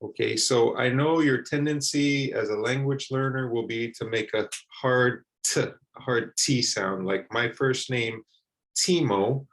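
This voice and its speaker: A man teaching English pronunciation, repeating words slowly and carefully for learners. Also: medium pitch, steady tone, a bit bright, poor audio. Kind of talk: slow, deliberate pronunciation lesson.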